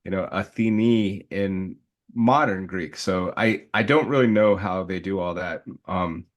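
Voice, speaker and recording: A man with a fairly low voice talks through his ideas in an easygoing panel chat. He circles back and restarts his sentences, laughing now and then. The delivery is loose and conversational, like a teacher chatting with colleagues. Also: unhurried. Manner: thinks aloud with frequent restarts and laughs. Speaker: teacher and podcast co-host.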